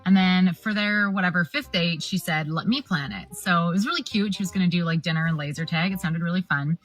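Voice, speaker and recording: A woman retells a friend's dating mishap in a brisk, upbeat way. Her voice sits lower than most women's. The story flows quickly and casually. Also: fairly even intonation, a bit bright.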